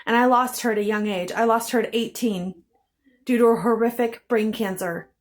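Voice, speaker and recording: A woman's voice: a little high, fairly even intonation, moderate pace. Intense, swearing woman venting about her childhood. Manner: intense, bitter, heavy swearing; repeats phrases for emphasis. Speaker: vlogger. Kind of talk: emotional personal storytelling.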